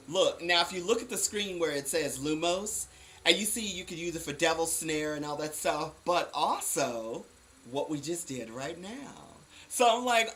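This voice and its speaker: A man streaming a video game, giving chatty, excitable commentary full of jokes and gushing. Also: fairly high pitch, normal speed. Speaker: let's play streamer. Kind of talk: casual gameplay commentary. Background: game music.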